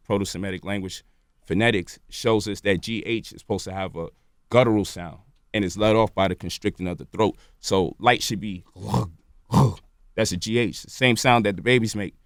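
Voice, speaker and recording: A man's voice: fairly low pitch, fairly even intonation, a little fast, no room sound, studio quality. A man, a radio show guest, explaining at length in a lecturing way and checking in with "right?" and "you feel me?". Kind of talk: lecturing interview talk. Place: radio studio.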